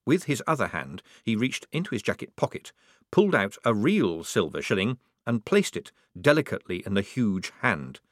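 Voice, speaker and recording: A man narrating a comic fantasy audiobook in a measured, dry, expressive way. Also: on the low side, dry recording.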